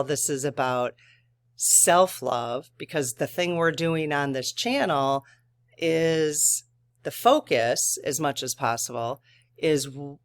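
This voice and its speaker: A man's voice: fairly high pitch, a bit bright. A man hosting a spiritual channel, talking casually and earnestly to his viewers, thinking aloud with frequent restarts.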